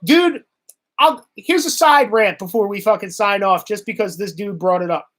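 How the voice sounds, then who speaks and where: A man's voice: high-pitched, moderate pace. A man hosting a livestream, delivering a heated, profane political rant with sarcasm and reading viewer comments. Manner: heated, swearing, sarcastic, animated.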